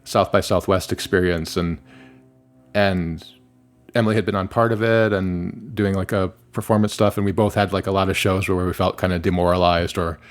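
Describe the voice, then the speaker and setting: A middle-aged musician from Michigan, USA, speaks as a guest in a candid conversational interview, his voice low-pitched and steady at a moderate pace. He rambles and keeps interrupting himself, restarting sentences and filling them with "like"s. Soft music plays in the background.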